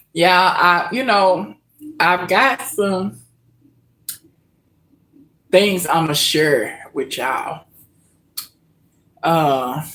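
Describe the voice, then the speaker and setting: A woman chatting live with her viewers before cooking. She talks slowly and openly, stretching out her pauses. Her voice sinks to near-whispers when she gets emotional. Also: lowish voice, a bit bright. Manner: slow, heartfelt, emotional, addresses viewers as y'all. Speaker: cooking vlog host. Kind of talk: casual live-stream chat.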